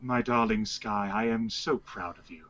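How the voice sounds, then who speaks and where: A man doing a smug cultured gentleman. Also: fairly low pitch, normal speed, dull audio. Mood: proud. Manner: affected posh tone. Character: refined, smug male mercenary with cultured voice.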